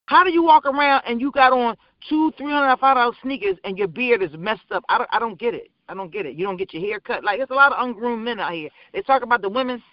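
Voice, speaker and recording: A woman, a small business owner, telling rambling, animated stories in a casual call-in radio chat. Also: a little high, fast, few pauses, no echo. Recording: dull lo-fi dry sound.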